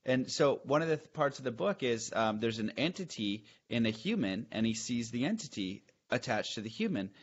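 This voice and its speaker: A man's voice: medium pitch, sing-song, a little fast, hardly any pauses, muffled recording, a little hiss or hum. A man hosting a podcast, talking in an enthusiastic, searching way and restarting his questions as he thinks aloud. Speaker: podcast host. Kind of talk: casual chat.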